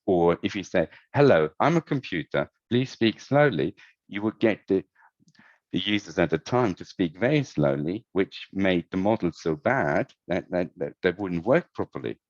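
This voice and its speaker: A man's voice: low-pitched, animated, moderate pace, no echo. A man being interviewed about his work, talking thoughtfully with many restarts and repeated words. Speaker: guest, head of user experience. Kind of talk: conversational podcast interview. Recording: dull, lo-fi remote audio.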